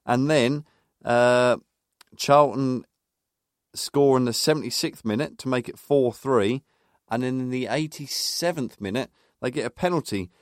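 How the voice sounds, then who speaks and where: A man's voice: medium pitch, measured pace, no echo, studio quality. A man co-hosting a casual football podcast, reading from notes and recounting old match details. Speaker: podcast co-host.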